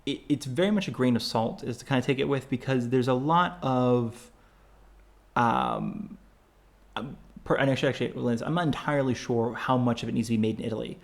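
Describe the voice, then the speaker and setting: Rambling man with a gravelly voice. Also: medium pitch, sing-song, a little fast. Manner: rambling, many fillers and restarts. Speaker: podcast co-host. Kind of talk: casual travel chat.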